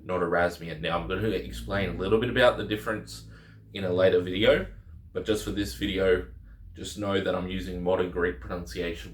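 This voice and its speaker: A man's voice: low-pitched, echoey room. A man teaching the Greek alphabet in a casual lesson, patiently repeating each letter name.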